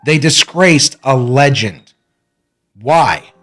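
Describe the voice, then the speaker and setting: A man's voice: mid-range voice, lively intonation, very slow, a bit bright, soft background music. A man hosting his own cartoon review show, delivering an opinionated monologue with sarcastic rants and self-mocking asides. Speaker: cartoon critic and host.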